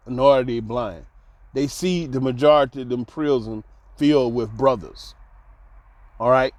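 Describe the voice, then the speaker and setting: A man telling a personal story in a casual monologue, laughing often and dropping to soft low tones, repeating words for emphasis. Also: no echo. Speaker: host.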